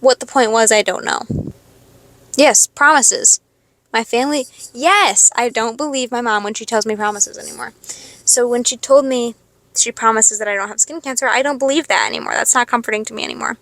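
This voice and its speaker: A young woman hosts a podcast, speaking fairly quickly in a high-ish, fairly bright voice with no echo. She delivers a casual, confessional monologue, rambling through a personal story laced with expletives.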